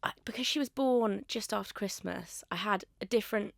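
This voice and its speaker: A woman's voice: medium pitch, brisk, gravelly, no room sound. A young woman, a podcast guest, talking candidly and chattily into a studio mic, with lots of "like" in her speech. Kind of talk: casual chat. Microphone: studio microphone.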